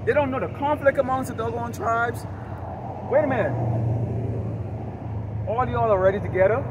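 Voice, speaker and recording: A high-voiced man preaches outdoors on a city street. He is combative and profane, firing one rhetorical question after another. Loud traffic fills the background. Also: moderate pace, muffled recording. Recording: heavy street traffic noise. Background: loud traffic noise.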